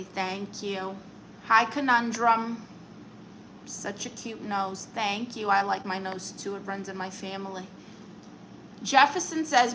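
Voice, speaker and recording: A bright, fairly high-voiced woman hosts a comedic live stream, chatting playfully with her viewers. She reads their comments aloud and answers them in a mock-serious tone. She talks close to the mic, with a faint hum of room ambience behind her. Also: poor audio. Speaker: comedic livestream host.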